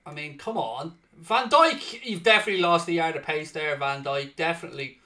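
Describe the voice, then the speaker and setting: A man giving let's-play commentary on a football game, swearing freely and swinging between low muttering and loud outbursts. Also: fairly quick. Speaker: gaming channel host.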